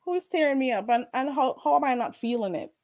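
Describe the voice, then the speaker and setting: A Jamaican-accented woman with a fairly high voice rants on a live stream, confrontational and mocking. She slips into patois as she talks. The sound is dry and close, with no room echo. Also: animated, fast talker, a little mellow. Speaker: livestreamer. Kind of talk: heated live-stream rant.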